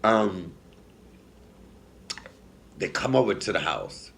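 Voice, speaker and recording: A comedian in his forties tells a personal story straight to his viewers, sassy and animated, laughing at his own lines as he swings between hushed asides and loud outbursts. His voice is deep, slow and creaky, with slight background noise.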